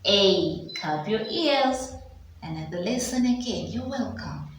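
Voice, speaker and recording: Echoey, slow, lively woman teacher. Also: medium pitch, slight background noise. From Uganda. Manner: animated, sing-song storytelling with gasps and exclamations; slow, drawn-out sounding of letters. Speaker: preschool teacher. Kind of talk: children's phonics lesson with storytelling. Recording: very echoey room, voice from far off.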